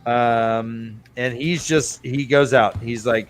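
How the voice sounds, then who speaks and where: A man's voice: mid-range voice, steady tone, slow. A man hosting a casual book discussion podcast, summarizing chapters and swearing casually. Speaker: podcast host.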